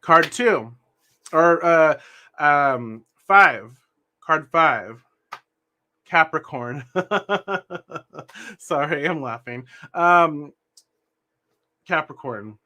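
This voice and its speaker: A young man reads tarot cards in a bright, somewhat raised voice. He talks earnestly, circling back and restarting his thoughts as he gestures with his hands. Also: a little high, expressive, very slow, pauses often. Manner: earnest, meandering, self-correcting. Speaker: tarot reader. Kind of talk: spiritual tarot reading.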